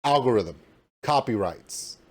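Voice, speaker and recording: Host type: man at his home streaming desk, animated and demonstrative, pitch jumping all over. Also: unhurried. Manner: animated and demonstrative, pointing things out. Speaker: reaction channel host. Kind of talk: casual tutorial walkthrough.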